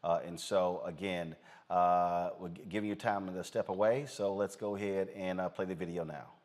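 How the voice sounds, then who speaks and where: A man's voice: deep voice, fairly even intonation, normal speed, darkish tone. A man hosting a news commentary show, talking directly and emphatically with frequent fillers.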